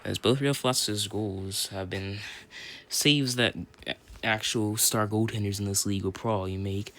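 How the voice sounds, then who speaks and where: A young man doing casual play-by-play commentary for an online hockey league on his phone, rambling and correcting himself, then shouting when someone scores. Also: on the low side, unhurried, slight background noise. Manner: rambling, self-correcting, bursts into excited shouts on goals.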